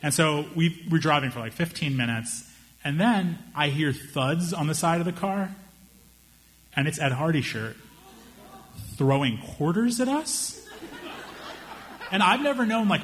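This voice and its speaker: A young man doing stand-up, telling a story in an animated way and slipping into the voices of the people in it. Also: a little high, normal speed, pauses often. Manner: animated, acts out voices of friends and strangers. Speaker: stand-up comedian.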